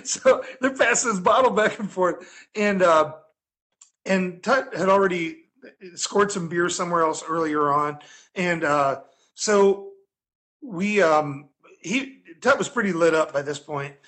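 A man telling a rambling, animated story in casual podcast chat, laughing often as he goes. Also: high-pitched, unhurried.

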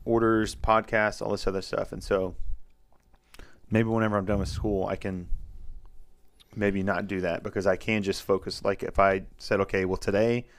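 Podcast co-host, man, low voice, chatty and rambling. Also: little pitch movement, moderate pace. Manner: rambling, repeats words when explaining. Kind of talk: casual chat.

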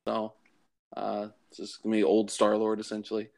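Man, podcast co-host, casual chat, relaxed, uh and um fillers. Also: on the low side, moderate pace, vocal fry. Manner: relaxed, brings up news items with fillers.

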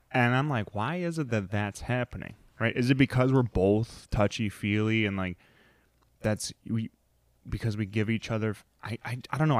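A man's voice: on the low side, no echo. A man co-hosting a podcast, chatting casually and playfully with his wife, rambling and laughing often. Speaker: podcast co-host. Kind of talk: casual chat.

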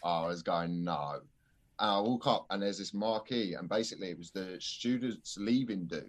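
Animated comedian, swearing freely. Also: male voice, sits low, moderate pace. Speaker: stand-up comedian guest. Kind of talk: casual podcast chat, storytelling.

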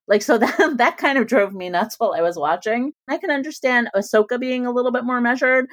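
A woman who is a former cohost back as a guest, chatting animatedly about a TV series, laughing often and slipping into slow mock voices. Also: a little high, no room sound, clean studio sound. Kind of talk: casual podcast chat reviewing a TV series.

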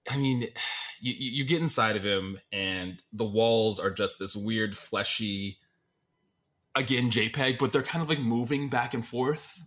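A man's voice: medium pitch, a little slow, a bit bright. A man co-hosting a podcast in casual chat, rambling with lots of fillers and sounding exasperated. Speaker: podcast co-host.

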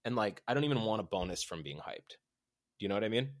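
Man, lowish voice, rapid rambling podcast chat, dry close mic. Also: animated, no echo. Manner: rambling, with many "right?" and "like" fillers; acts out quoted voices with big pitch jumps. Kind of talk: casual chat.

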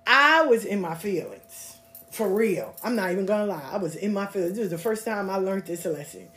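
A woman hosting a podcast, telling personal stories in a casual, blunt, animated way and swearing freely. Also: mid-range voice, a little fast. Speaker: podcast host. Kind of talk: casual storytelling monologue.

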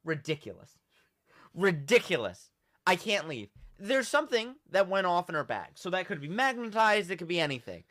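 A young man hosting a podcast, telling a story in a casual, animated way and acting out the quotes. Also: high voice, a little fast, no echo, studio quality. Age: young adult. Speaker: podcast host.

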